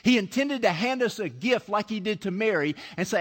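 A male preacher giving an animated sermon, acting out scripture scenes and often restarting his sentences. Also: sits high, fairly quick, hardly any pauses, big-room sound.

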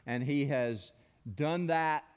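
A man's voice: a little high, takes it slowly, clear, resonant tone. A man preaching a sermon as pastor, telling stories earnestly and leading the congregation in call-and-response. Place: church sanctuary. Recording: long hall reverb.

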